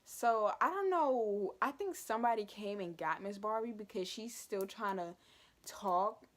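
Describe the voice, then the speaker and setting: Young woman doing a storytime vlog, dramatic and animated, lots of side comments. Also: mid-range voice, unhurried. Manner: animated, dramatic retelling with asides. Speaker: vlogger.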